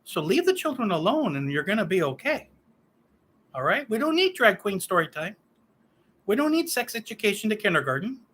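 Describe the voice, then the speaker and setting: A man's voice: sits high, very animated, fairly quick, fairly bright tone. A man in his fifties giving a solo political rant, profane, sarcastic and heated. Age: 50s. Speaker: political commentator.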